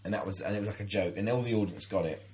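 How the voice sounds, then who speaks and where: A man's voice: fairly low pitch, very fast, darkish tone. A man in his thirties, co-hosting a casual podcast and telling a long story with many restarts and acted-out quotes. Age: 30s. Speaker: podcast co-host. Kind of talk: casual chat, anecdote.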